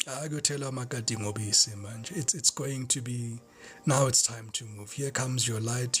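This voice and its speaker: A man's voice: on the low side, steady tone, a little slow, soft background music. Fervent man giving a tarot reading. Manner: fervent, repetitive, drops into hushed whispers. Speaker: tarot reader.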